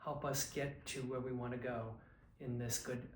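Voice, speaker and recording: A man teaching a choral diction lesson, demonstrating consonant and sung syllable drills in a patient, unhurried way. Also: medium pitch, flat delivery, roomy sound, background noise. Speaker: vocal coach.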